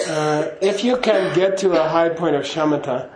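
A man's voice: on the high side, moderate pace, few pauses, darkish tone, reverberant, slight background noise, poor audio. A man giving a casual spoken teaching to a class, chatty and laughing, often checking in with "okay?". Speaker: Buddhist teacher.

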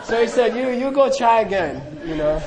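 A man's voice: very high voice, expressive, moderate pace, over a noisy crowd, very noisy. A middle-aged man telling a humorous, self-deprecating story to an audience in a loose, anecdotal way, acting out the dialogue. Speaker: speaker recounting monastery training.

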